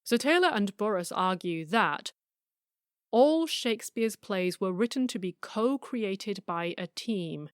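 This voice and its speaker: A middle-aged woman reads her podcast from a script in an ordinary middle-pitched voice. She's expressive, measured, and argumentative, with a wry edge, in a dry recording with no room sound.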